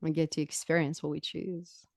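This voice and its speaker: Expressive woman guest, low dry voice. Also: moderate pace, no room sound. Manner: expressive, emphatic, laughs easily. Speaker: podcast guest, spiritual teacher. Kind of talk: casual podcast conversation.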